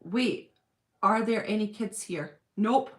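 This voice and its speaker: A woman's voice: medium pitch, takes it slowly. Chatty woman hosting a home livestream. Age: adult with a husband and school-age children. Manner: chatty, gushing, thinks aloud with many fillers. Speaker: livestream host reading viewer comments. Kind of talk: casual live-chat.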